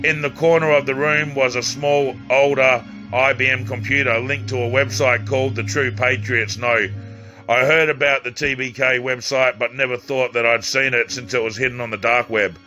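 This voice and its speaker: A man's voice: medium pitch, steady tone, bright, forceful tone, soft background music. A man reading his own novel aloud as an amateur audiobook, stumbling and restarting lines now and then. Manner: halting reading with restarts and slips.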